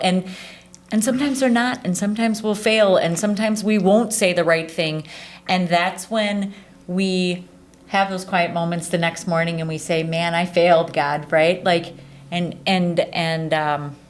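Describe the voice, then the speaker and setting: A woman in her forties speaks with a somewhat low voice. She talks earnestly and from the heart in a relaxed interview, often saying "like" and "right". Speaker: charity staff leader. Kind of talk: casual conversational interview.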